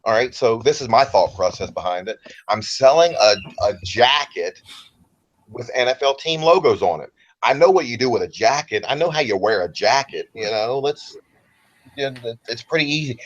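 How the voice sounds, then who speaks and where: A man with a baritone voice and a light Southern American accent, a guest talking in a relaxed, rambling way over a remote call. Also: normal speed, highs cut off. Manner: relaxed, rambling, comfortable speaker. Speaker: interview guest. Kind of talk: casual interview talk.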